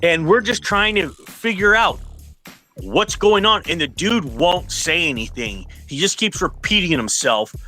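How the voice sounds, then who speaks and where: A man's voice: high-pitched, a little slow, soft background music. A male podcast host telling a story in casual, profane speech, acting out what other people said. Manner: animated, profane, acts out quoted voices. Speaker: podcast host and event promoter.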